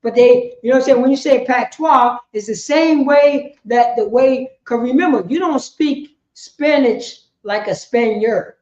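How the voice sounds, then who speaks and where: High-pitched woman running a class, roomy, muffled recording. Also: measured pace, hardly any pauses, darkish tone. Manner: keeps asking "you know what I'm saying?". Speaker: class leader. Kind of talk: informal group lesson, questioning the class. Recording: echoey room, dull muffled sound.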